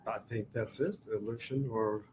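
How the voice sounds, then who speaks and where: A man's voice: fairly low pitch, fairly even intonation, moderate pace, a little mellow, slight background noise, rough recording. Man explaining with hesitant fillers. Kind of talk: class discussion.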